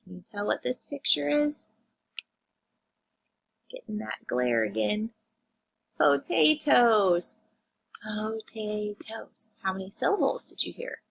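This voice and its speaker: A woman teacher reviewing vocabulary and phonics with young children, sounding words out slowly and asking them questions. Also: on the high side, vocal fry, a bit bright, breathy edge, low-quality recording. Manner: slow, drawn-out phonics sounding-out, addressing kids.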